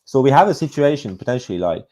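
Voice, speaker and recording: A man's voice: medium pitch, very animated, fast, mellow. A man with a French accent giving an ecommerce summit presentation, peppered with fillers, restarts and swearing. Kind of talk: conference presentation. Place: online summit talk, remote.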